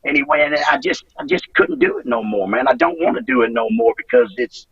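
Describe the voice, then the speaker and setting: Gravelly, emotional man in his fifties. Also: on the high side, huge pitch swings, no room sound, far from the mic, muffled recording. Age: 50s. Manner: halting, repeats words, swears freely, emotional. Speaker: retired wrestler, interview guest. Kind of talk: emotional interview over a call.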